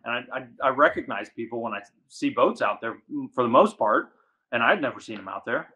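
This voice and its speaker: A man from the Washington DC area, a guest angler, telling a story in casual chat, animated and full of "like". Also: mid-range voice, dull audio. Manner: animated, fast, says "like" a lot.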